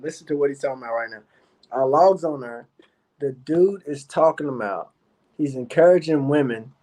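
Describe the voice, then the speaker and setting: A man hosting a casual commentary stream, telling stories in a profane, animated way. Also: on the high side, rough recording. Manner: profane, animated storytelling with laughs. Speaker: show host.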